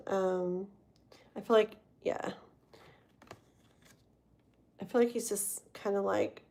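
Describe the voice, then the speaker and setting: A woman hosting a live tarot stream, chatting casually to viewers, rambling with lots of fillers and frequent laughs. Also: mid-range voice. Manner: rambling, many fillers and trailing thoughts; talks to chat viewers, laughs often.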